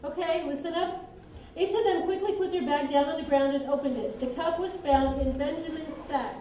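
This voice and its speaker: A woman teaching children, narrating a Bible story and directing kids through a skit in a lively, brisk way. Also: high voice. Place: church room with children. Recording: echoey room, distant mic.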